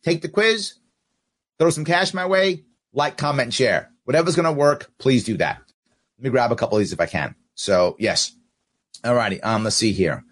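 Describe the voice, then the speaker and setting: Lively male political podcast host. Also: on the high side. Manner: animated, talks straight to viewers, reads out comments. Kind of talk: casual political commentary.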